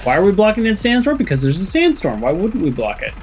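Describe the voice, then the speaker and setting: Jokey man with a lively pitch. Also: quick pace, noisy background. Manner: jokey, rambling, reads characters' lines in playful voices. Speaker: let's play host. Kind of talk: game playthrough commentary, reading dialogue aloud.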